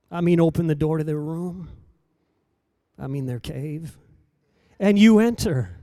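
A man preaching a sermon in a rhythmic, repetitive cadence, swinging between hushed lines and loud emphatic calls. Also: on the high side, a little slow, pauses often, no echo, clean studio sound.

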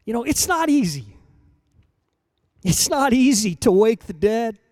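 A man preaching a sermon in a rhythmic, repetitive cadence, swinging between hushed lines and loud emphatic calls. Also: very high voice, big pitch swings, measured pace, dry recording, studio quality.

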